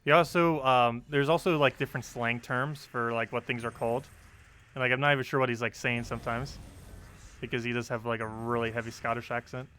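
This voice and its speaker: A man's voice: medium pitch, fairly even intonation, a little fast, bright, forceful tone, slight background noise. A young man chatting casually on a game live stream, reading chat and laughing often.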